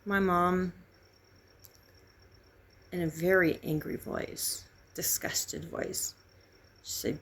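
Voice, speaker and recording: Grieving middle-aged woman, creaky husky voice. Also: on the low side, steady tone, fairly bright tone. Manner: halting, grieving, emotionally raw. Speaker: vlogger sharing a personal story. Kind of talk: candid personal testimony.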